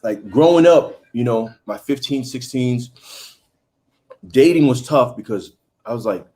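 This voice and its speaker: A man's voice: mid-range voice, expressive, measured pace, dark tone. A man in his thirties from Haiti, hosting a casual livestream, chatting and reading viewer comments aloud. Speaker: livestream host.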